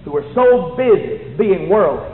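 A man preaching a sermon, fervent, swinging between shouting and hushed tones. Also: sits high, expressive, unhurried. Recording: echoey hall, tinny phone-like sound.

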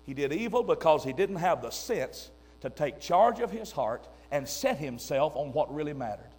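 An older man preaching a sermon, emphatic and swinging between loud and hushed delivery. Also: on the high side, very animated, normal speed.

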